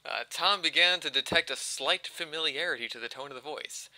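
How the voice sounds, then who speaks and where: A man reads a story aloud to friends in an animated voice, breaking off now and then for jokes. His tone is very bright and sharp. The sound is close and dry, from a desktop mic on a voice call. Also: a little high, no room sound, poor audio. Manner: animated, quick reading with asides. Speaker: story reader.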